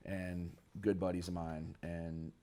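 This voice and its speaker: A man from Michigan, a guest musician, telling a story casually in an interview, animated and loose with slang. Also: sits low, slow pace. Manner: animated, acts out quoted people with a raised voice, casual slang. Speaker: guest musician, bass player.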